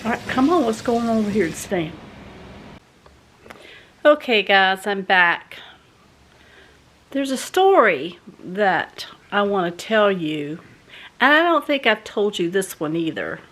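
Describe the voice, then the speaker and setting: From her doublewide home, a Southern American woman vlogger tells a folksy story to the camera in a chatty manner, growing animated as she retells it. Her voice is medium-pitched, slow, and full of pauses.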